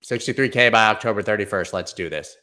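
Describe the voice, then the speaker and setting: A man's voice: on the low side, quick pace, very noisy. A man hosting a casual crypto livestream, chatting in slang, reading viewer comments and talking through price charts. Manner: laid-back, slangy, chatty, reads comments aloud.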